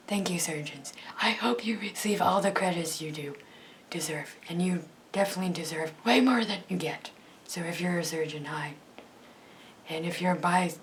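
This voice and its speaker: A young woman with a raspy, breathy voice chatting casually in a vlog, rambling and cutting herself off with frequent laughs. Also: on the low side, slight background noise. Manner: rambling, self-interrupting, laughs often. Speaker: YouTuber.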